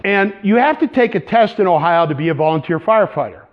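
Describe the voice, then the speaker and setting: A male pastor preaching in a playful, animated storytelling style, with little vocal sound effects. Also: sits high, fast talker, muffled recording. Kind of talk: storytelling sermon.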